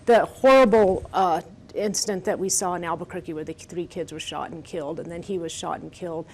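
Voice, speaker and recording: A woman's voice: on the low side, a little fast, a little hiss or hum. A woman advocating in a panel debate, arguing earnestly and firmly. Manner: earnest, firm, persuasive. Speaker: gun-safety advocate.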